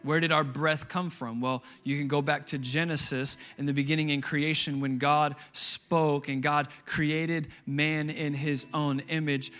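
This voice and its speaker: A man's voice: a little high, little pitch movement, measured pace, hardly any pauses, bright, forceful tone, faint music behind. Emphatic man preaching a sermon. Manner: emphatic, repeats phrases for stress. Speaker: pastor.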